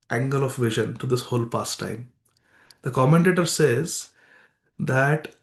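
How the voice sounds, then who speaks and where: A man teaching a morning scripture class in a temple, retelling stories emphatically with devotional exclamations. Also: medium pitch. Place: temple hall. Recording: echoey temple hall.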